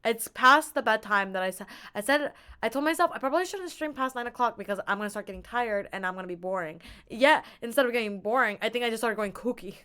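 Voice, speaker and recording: A woman's voice: a little high, lively intonation, fast, few pauses, sharp tone, smooth. A young woman chatting casually on a live stream into an earbud mic, rambling and giggling in a playful way.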